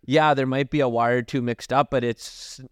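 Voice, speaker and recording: A man's voice: mid-range voice, steady tone, moderate pace, smooth, dry recording, clean studio sound. Agreeable man chiming in on a podcast. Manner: agreeable, backs up his co-host with frequent yeahs. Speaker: podcast co-host. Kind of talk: casual podcast chat.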